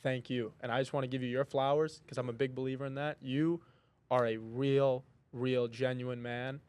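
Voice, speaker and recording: A man's voice: mid-range voice, flat delivery, normal speed, a little mellow, clear, resonant tone. A man in his twenties hosting a podcast interview, earnest and effusive with his questions and thanks. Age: 20s. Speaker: host.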